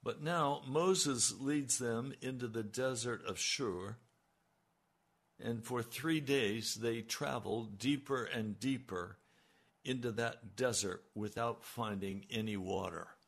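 A man preaching a sermon, slow and emphatic, his voice rising on key lines. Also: medium pitch, vocal fry. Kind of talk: radio sermon.

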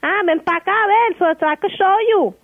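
A woman's voice: extremely high pitch, quick pace, dry recording. A woman arguing fiercely over the phone, profane and combative, slipping into Spanish. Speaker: prank call target. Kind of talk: heated phone argument. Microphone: telephone. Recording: tinny phone line.

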